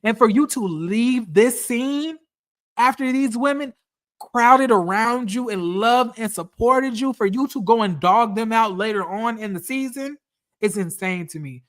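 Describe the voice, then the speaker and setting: Slow-talking woman dishing blunt commentary. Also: on the high side. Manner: blunt, profane, repeats phrases for emphasis. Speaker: reality TV commentator. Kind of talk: casual reaction commentary.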